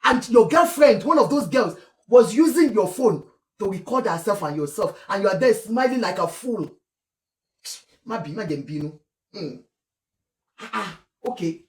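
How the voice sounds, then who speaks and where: A woman's voice: medium pitch, normal speed, pauses often. Scolding Nigerian woman in an echoey room. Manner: animated and scolding, switching into Yoruba and Pidgin. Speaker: gossip commentator. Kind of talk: casual commentary vlog.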